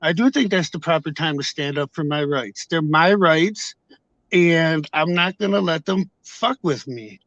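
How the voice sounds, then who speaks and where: A man casually telling a story to his viewers on camera, heated and profane, acting out shouted exchanges. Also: a little high, measured pace, dry recording, dull audio. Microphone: camera mic.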